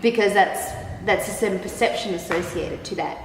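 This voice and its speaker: A woman's voice: mid-range voice, normal speed. A woman from El Salvador explains her point earnestly in a group talk. Her voice rings out in a reverberant hall with strong echo and faint noise. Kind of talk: group discussion. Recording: echoey hall.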